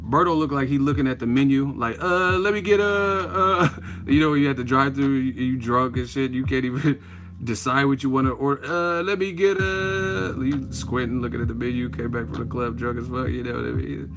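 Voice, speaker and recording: A man hosting a live show, talking casually with a profane, animated manner and frequent laughter. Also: medium pitch, quick pace, music in the background. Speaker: host.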